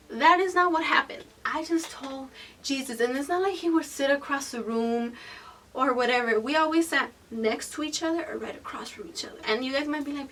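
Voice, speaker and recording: High-voiced, foul-mouthed woman storyteller. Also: brisk, far from the mic, slight background noise. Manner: animated, profane, candid storytelling; swings between loud bursts and hushed whispered asides. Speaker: vlogger. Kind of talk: storytime vlog.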